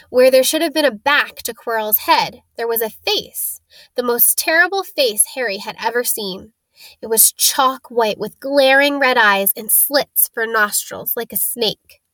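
Slow, dramatic woman storyteller. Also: a little high, fairly bright tone, no room sound, rough recording. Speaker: audiobook narrator. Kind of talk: storybook narration.

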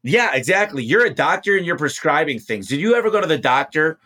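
A man's voice: a little high, very animated, a little fast, bright, forceful tone. A man talking bluntly and emphatically as a guest, a home service business owner speaking in a casual podcast conversation.

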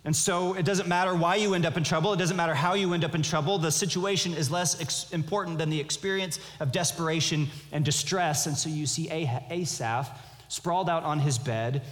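A man preaching a sermon in an earnest, measured way, often restarting his phrases. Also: a little high, a bit bright, in a large hall. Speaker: pastor.

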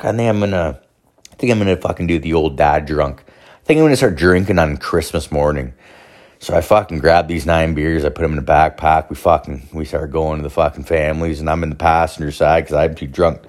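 Man, deep voice, rambling, profane, casual storytelling, quotes people in voices. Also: fairly quick. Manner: rambling, swears constantly, acts out quoted voices.

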